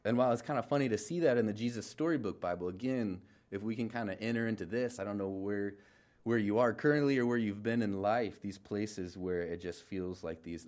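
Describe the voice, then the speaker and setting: A young adult man preaching a relaxed, conversational sermon, full of fillers, restarts and asides. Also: deep voice. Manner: informal, filler-heavy, many restarts and trailing asides. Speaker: pastor.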